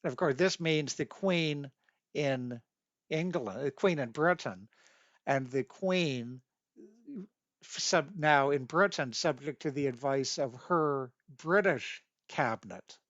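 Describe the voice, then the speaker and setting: A man giving a lecture, deliberately reading out legal sections and stressing key points. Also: fairly high pitch, fairly bright tone, no room sound, highs cut off. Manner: deliberate, reads statutes aloud, stresses key words. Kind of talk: lecture on constitutional history. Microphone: webcam mic.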